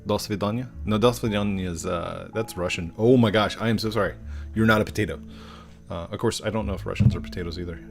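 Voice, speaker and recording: With faint guitar music behind him, a middle-aged man who streams games runs a relaxed live stream, goofily chatting through viewer questions and tripping over their usernames. His voice sits low, fast, with vocal fry.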